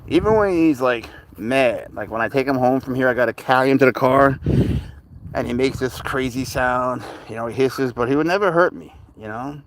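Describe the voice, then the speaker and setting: Out walking his cat on a leash, this man livestreams for his cat channel, rambling in a relaxed way and addressing both the cat and his chat. He speaks at a medium pitch and moderate pace. There's background noise.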